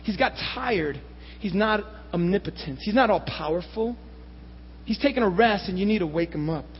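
A man preaching a sermon, lively and animated, with rhetorical questions and sarcastic asides. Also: sits high, moderate pace, a little hiss or hum. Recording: dull lo-fi recording with long hall reverb.

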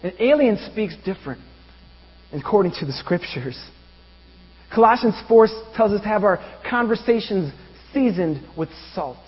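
A pastor preaching a sermon, asking the congregation rhetorical questions. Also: male voice, high voice, animated, normal speed, slightly rough. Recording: dull reverberant room with mains hum.

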